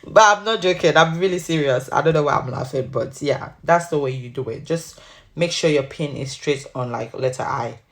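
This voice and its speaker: A low-pitched woman explains her wig-making steps in a casual, sassy way. She calls her viewers honey and sweetheart as she works, talking into the camera mic. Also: moderate pace. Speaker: wig maker showing her craft. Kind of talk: casual tutorial talk to viewers.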